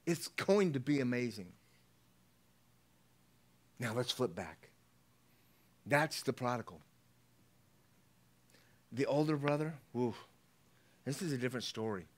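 A man preaching a sermon as pastor, animated, swinging between hushed asides and loud exclamations. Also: medium pitch.

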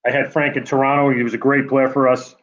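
A man with a New England accent giving an award acceptance speech over a video call, halting with many fillers and restarts. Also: medium pitch, little pitch movement, fairly bright tone, dull audio. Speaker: award honoree.

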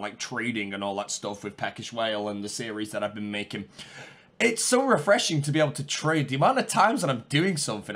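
A young gaming streamer with a medium-pitched voice gives live commentary on his play, chatting with viewers and opponents alike. He can be calm and muttering one moment, then shouting the next.

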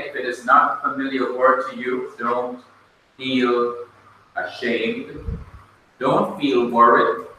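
A man with a Jamaican accent teaching a classroom lesson, slow and patient, spelling words out letter by letter. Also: medium pitch, sharp tone. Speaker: Bible college teacher. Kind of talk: classroom lecture. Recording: echoey room, distant mic, faint noise.

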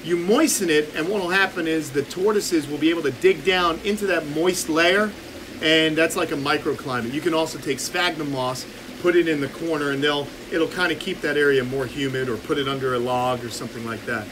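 A man's voice: on the high side, a little fast, noisy background. Upbeat man hosting a live pond stream. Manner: upbeat, joking, reads viewer comments aloud. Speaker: reptile channel host. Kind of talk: casual live stream chat. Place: outdoors by a garden pond.

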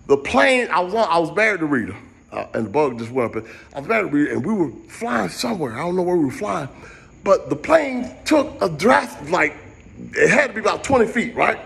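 A man's voice: on the high side, big pitch swings, brisk, creaky, fairly bright tone. A man doing a casual live-stream comedy rant, rambling and jumping between jokes and asides.

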